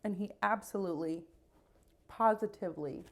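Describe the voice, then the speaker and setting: A middle-aged woman chatting casually in a get-ready-with-me vlog, telling her story in an unhurried way with dry little asides. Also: medium pitch. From United States. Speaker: vlogger.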